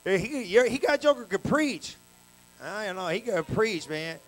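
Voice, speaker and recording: A man preaches at a church service, his voice sitting notably high for a man. He tells stories in loose, slangy talk and builds to loud, energetic bursts. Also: a little slow, rough recording. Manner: colloquial, story-telling preaching with slang. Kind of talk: sermon.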